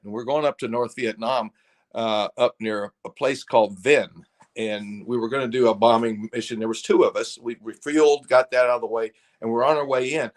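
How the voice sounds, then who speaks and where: Older male guest, rambling storyteller, mid-pitched, easy chuckling delivery. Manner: rambling, laughs often, restarts. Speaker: guest, former fighter pilot. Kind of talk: casual storytelling.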